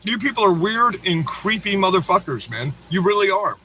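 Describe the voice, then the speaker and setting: A man's voice: high-pitched, expressive, moderate pace, bright, forceful tone, a little hiss or hum, rough recording. A man hosting a livestream, delivering a crude, profane, taunting rant at critics. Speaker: livestream host. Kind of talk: ranting livestream monologue.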